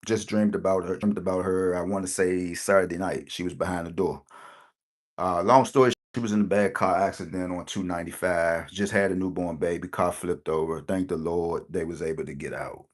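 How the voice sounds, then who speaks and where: This lottery channel host, a middle-aged man, rambles through a personal story for his viewers and keeps checking in with "right?". He talks fairly quickly in a low, steady voice.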